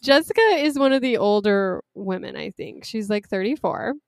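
A young woman chatting casually and animatedly, recapping a reality show with quick laughs. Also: medium pitch, animated, vocal fry, no echo, clean studio sound.

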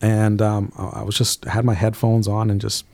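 Guy with a low gravelly voice rattling off a faith story in an interview, stumbles and repeats words a lot. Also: flat delivery, darkish tone. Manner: quick, repeats words often, earnest storytelling. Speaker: guest. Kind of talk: faith testimony in casual interview.

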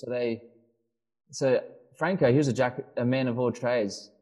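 A man's voice: medium pitch, steady tone, normal speed, a little mellow, low-quality recording. A man co-hosting a casual podcast, telling a long story with many restarts and fillers. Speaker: podcast co-host. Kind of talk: casual chat.

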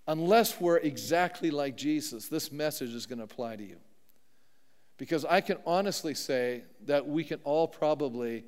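A man's voice: high-pitched, smooth. A middle-aged man preaching a sermon as pastor, telling a personal story in a conversational way with many asides, recorded in a church sanctuary. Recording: long hall reverb.

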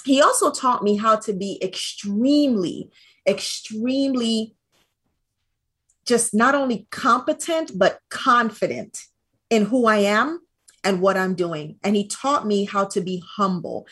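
A woman guest on an interview podcast, telling stories in an animated, expressive way. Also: mid-range voice, unhurried, husky. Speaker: interview guest, brand strategist. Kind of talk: casual interview.

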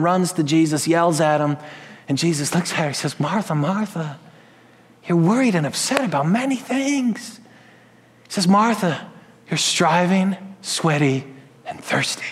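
Guy preaching, kinda high voice, gets loud then drops real quiet, big echoey hall. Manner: swings between raised emphatic preaching and low, quiet asides. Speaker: pastor. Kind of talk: sermon.

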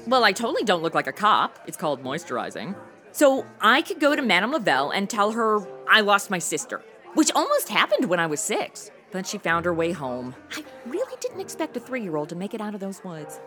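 A woman's voice: medium pitch, wildly swooping pitch, fairly quick, bright, forceful tone, faint music behind. A woman acting a wisecracking sidekick in a comedic audio drama, full of sarcastic quips. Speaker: reporter's sidekick.

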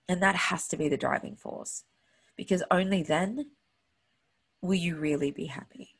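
Host, woman, earnest motivational monologue; husky, lowish voice, openly emotional. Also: moderate pace, pauses often.

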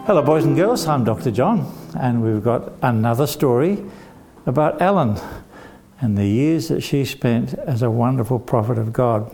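An older man telling a dramatic story to children, animated and acting out the voices. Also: mid-range voice, normal speed, soft background music. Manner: animated, acts out voices with shouts.

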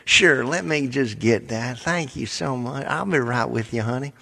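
A man's voice: medium pitch, normal speed, gravelly, sharp tone, in a large hall, pitched above the performer's own voice. A man playing an overly friendly customer service agent from the American South, with a put-on Southern drawl. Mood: sweet.

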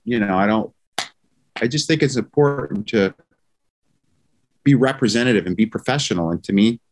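A man speaking as an interview guest, brash and emphatic, with casual swearing. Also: mid-range voice. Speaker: guest chiropractor.

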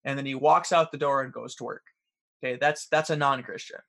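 A man's voice: medium pitch, steady tone, brisk, gravelly, fairly bright tone. A young man co-hosting a podcast in casual chat, talking earnestly and acting out quoted people in his examples. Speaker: podcast co-host.

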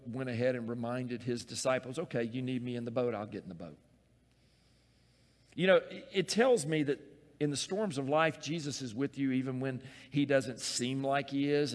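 A man preaching a sermon, acting out Bible scenes in voices and swinging from loud calls to hushed, close words. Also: medium pitch, big-room sound. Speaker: pastor.

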